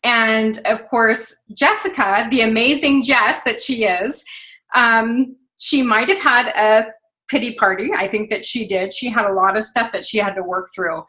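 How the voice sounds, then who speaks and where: An upbeat woman leads a motivational conference call for her team, gushing with enthusiasm and sprinkling in fillers. Her voice sits a little high and rings bright and forceful. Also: unhurried, low-quality recording. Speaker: team leader on a sales call. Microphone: phone.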